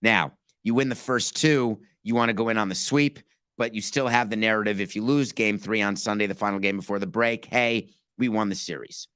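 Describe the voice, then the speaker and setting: Forceful man hosting a sports podcast. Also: fairly low pitch, steady tone, brisk, clean tone, dry recording. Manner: emphatic, fires off rhetorical questions. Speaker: podcast host. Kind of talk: sports talk monologue.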